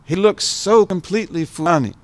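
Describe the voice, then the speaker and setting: A man's voice: sits high, brisk, dry recording. Older man giving a reflective talk. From United States. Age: 70s. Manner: reflective, repeats phrases for emphasis. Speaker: guest speaker, scholar. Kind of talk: informal talk to an audience.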